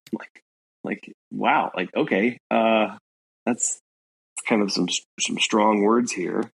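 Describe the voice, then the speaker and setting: A congested man co-hosting a podcast, talking through a novel in a thoughtful, halting way with many fillers. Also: on the low side, creaky, a bit bright, breathy edge, low-quality recording. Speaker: podcast co-host. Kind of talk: casual book discussion.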